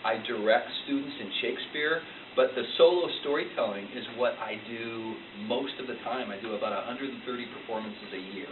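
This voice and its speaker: A man's voice: medium pitch, fairly quick, hardly any pauses. A man who tells stories for a living, answering a child's questions in a casual, playful interview in a school library. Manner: playful, animated storyteller. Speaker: storyteller being interviewed. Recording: tinny, distant, echoey and noisy.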